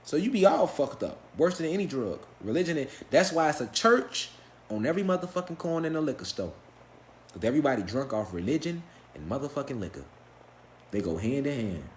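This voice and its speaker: A man's voice: medium pitch, very animated, brisk, reverberant, a little hiss or hum. Profane, emphatic man lecturing a live class. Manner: profane, emphatic, fires rhetorical questions and answers them. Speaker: spiritual lecturer. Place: lecture room with a live audience.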